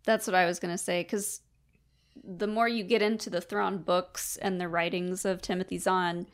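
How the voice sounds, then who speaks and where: A woman co-hosting a casual fan podcast, reading listener questions and giving relaxed, agreeable replies. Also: fairly low pitch, normal speed.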